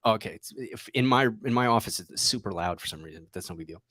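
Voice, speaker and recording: A man's voice: fairly low pitch, lively intonation, quick pace, a bit bright, no echo. A man hosting a casual trading livestream from his office. He rambles, jokes at his own expense and laughs often. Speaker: trading show host.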